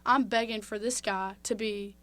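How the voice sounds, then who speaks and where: A woman's voice: mid-range voice, fairly even intonation, normal speed, sharp tone. A young woman from Mississippi talks openly as a guest on a podcast. She tells her story in a candid, chatty way, full of fillers and restarts. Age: young adult. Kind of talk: casual interview.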